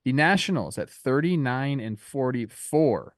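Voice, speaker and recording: A man co-hosting a baseball podcast, reading the league standings in a steady, matter-of-fact way. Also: mid-range voice, measured pace, dry recording, studio quality. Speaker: podcast co-host.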